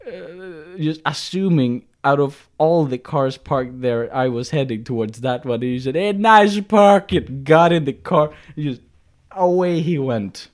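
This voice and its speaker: A man's voice: medium pitch, unhurried, darkish tone. A man co-hosting a podcast, telling a story in casual chat with many restarts and fillers. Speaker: podcast co-host.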